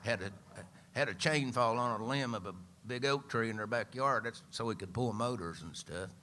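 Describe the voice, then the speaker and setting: This is a storyteller and singer-songwriter, a man in his seventies from East Tennessee by the sound of his accent, delivering a dry, folksy story on live radio. His mid-range voice comes across pushed and bright at a normal pace, over slight background noise.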